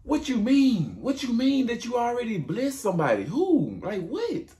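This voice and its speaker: A man's voice: huge pitch swings, moderate pace, dark tone, a little hiss or hum, heavily acted. A man voicing a desperate young man in a spoken story, pleading with his father in a whiny voice. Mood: pleading upset. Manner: whiny, pleading, high-pitched.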